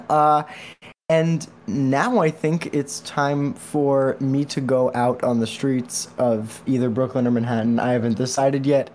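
A man's voice: mid-range voice, a little mellow, a little hiss or hum. A young man co-hosting a podcast, telling a story casually with lots of fillers and restarts. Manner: rambling, many fillers and restarts. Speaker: podcast co-host.

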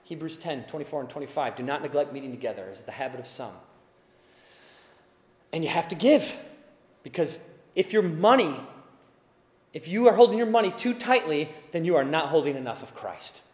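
A man preaching a sermon as pastor, earnest, swinging from hushed, slow asides to loud shouted urging. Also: a little high, animated, echoey room, in a large hall.

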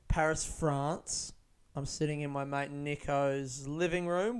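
A man's voice: fairly high pitch, clear, resonant tone. A man hosting his own podcast in casual solo chat from a friend's living room, rambling, laughing and swearing freely as he mocks himself. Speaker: podcast host.

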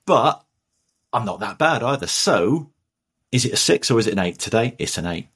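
A man from northern England, a podcast guest, talking in an animated, jokey way. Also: medium pitch, moderate pace, husky. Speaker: guest, business author. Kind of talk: podcast interview.

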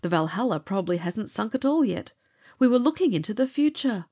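A woman's voice: medium pitch, sing-song, a little fast, mellow. A woman reading as an intense young male scientist. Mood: excited. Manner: urgent, earnest and anguished. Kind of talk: audiobook character reading.

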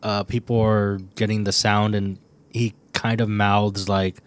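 A low-voiced man thinking aloud. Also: little pitch movement, a little slow, clean tone. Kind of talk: casual podcast chat.

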